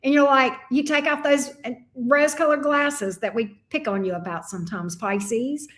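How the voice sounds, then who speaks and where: A woman's voice: high-pitched, moderate pace, a bit bright. A middle-aged woman giving a casual tarot reading, blunt and profane, full of folksy sayings. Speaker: tarot reader. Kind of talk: casual astrology reading chat.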